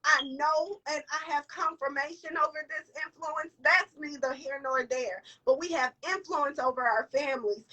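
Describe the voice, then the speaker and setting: A woman's voice: sits high, sharp tone, distant mic, low-quality recording. A young woman vlogger giving an emotional motivational talk, tearful and sniffling, repeating lines for emphasis. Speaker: vlogger and entrepreneur.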